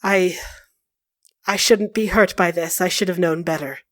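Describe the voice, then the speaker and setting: A woman doing a weary old elf god for a tabletop game, speaking low and hushed in a dry, close sound. He is sorrowful yet ruthless. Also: steady tone, unhurried, no echo, close to an everyday voice. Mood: wounded.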